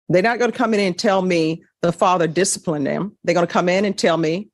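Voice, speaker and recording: A woman's voice: on the low side, brisk, few pauses, a little mellow, no echo, clean studio sound. A woman judge questioning a defendant in court, stern and lecturing.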